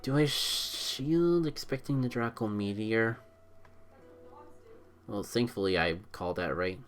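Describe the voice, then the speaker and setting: A man streaming a mobile game, giving live commentary as he thinks out loud about his moves and is quick to blame himself. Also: on the low side. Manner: excitable, thinks aloud, self-critical.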